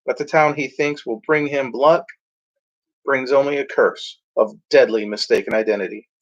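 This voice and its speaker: A Mexican movie reviewer talks casually about old films and reads back covers, rambling and halting with frequent throat clearing, fillers, and stumbles. His voice has a steady, ordinary middle pitch, and the recording sounds slightly dull and lo-fi.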